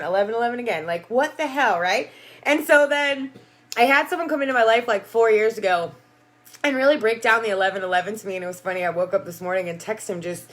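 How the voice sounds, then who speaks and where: A woman life coach with a highish, slightly bright voice talks quickly and casually on a livestream, greeting viewers by name. Her motivational chat is emphatic and rambling, and she keeps repeating "right?" and "you know."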